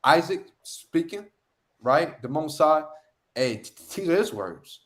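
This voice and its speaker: A man's voice: fairly high pitch, animated, a little slow, a bit bright. A man teaching scripture street-style in a slightly raised voice. He is emphatic and slangy, circling back to the same catchphrases again and again.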